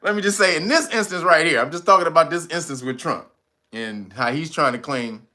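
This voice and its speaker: A man hosting casual political commentary, profane and animated, laughing often. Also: fairly high pitch, a little fast. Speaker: commentary channel host.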